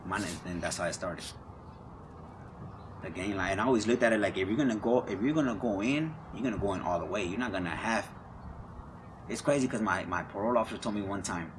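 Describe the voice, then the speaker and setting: A man's voice: lowish voice, fast talker. A young man telling his life story in a candid interview, talking in street slang, repeating words and acting out what others said. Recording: noisy background.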